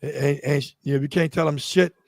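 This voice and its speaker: A man's voice: fairly high pitch, fairly even intonation, a little fast, gravelly, darkish tone, dry recording, studio quality. A man hosting a casual chat about dogs, talking loosely with swearing and stumbling, repeated words. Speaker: host.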